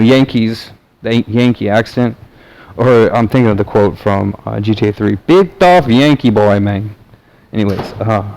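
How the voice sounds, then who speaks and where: Rambling low-voiced man, off-the-cuff. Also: gravelly, darkish tone, low-quality recording. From American South. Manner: meandering, many fillers and restarts. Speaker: vlogger. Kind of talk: rambling casual monologue.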